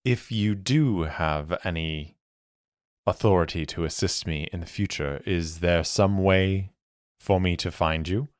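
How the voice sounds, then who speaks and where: A man's voice: sits low, unhurried, no room sound, clean studio sound. A man playing a wary, formal mercenary. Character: wary, polite male mercenary investigator.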